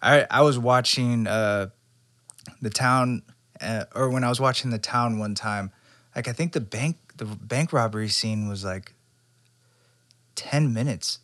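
A man's voice: mid-range voice, measured pace, pauses often. A young man co-hosting a podcast, talking casually and rambling with lots of fillers and restarts. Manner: rambling, animated, full of fillers. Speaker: podcast co-host. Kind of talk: casual chat about movies.

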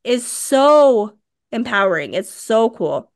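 A woman in her thirties co-hosting a podcast, telling a story in a casual, animated way. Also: a little high, slow pace. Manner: animated storytelling, acts out quoted dialogue. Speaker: podcast co-host.

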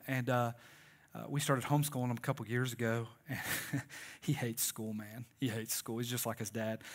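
A man preaching a sermon, conversational and joking and calling on the congregation to respond. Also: medium pitch. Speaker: pastor.

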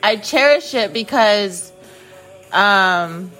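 A woman's voice: mid-range voice, lively intonation, drawn-out words, pushed and bright, faint music behind. Woman, young adult, gushing, rambling, casual podcast chat, laughs often. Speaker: podcast host.

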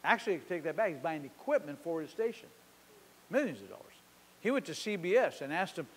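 High-pitched preacher guy telling a story in a sermon, acts out the dialogue, long echo tail from the hall. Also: sing-song, quick pace, slightly rough. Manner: storytelling, acting out dialogue with shifting loudness. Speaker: pastor.

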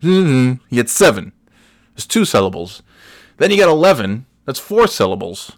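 A man's voice: mid-range voice, big pitch swings, moderate pace, dry recording. Rambling, cursing man hosting a podcast. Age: 40s. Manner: rambling, profane and tangential, with frequent restarts. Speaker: podcast host. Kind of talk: solo comedy podcast monologue.

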